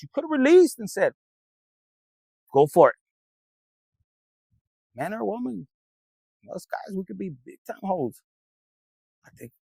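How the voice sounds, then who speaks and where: A man's voice: a little high, gravelly, dry recording, poor audio. A man giving a casual tarot reading, rambling and streetwise, swearing freely as he talks to viewers. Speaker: tarot reader.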